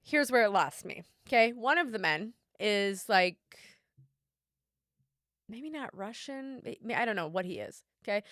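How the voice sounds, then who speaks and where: A young woman co-hosting a casual podcast, telling stories in an animated, laughing way with plenty of swearing. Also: medium pitch, unhurried, dry recording, studio quality. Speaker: podcast co-host. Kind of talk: casual chat.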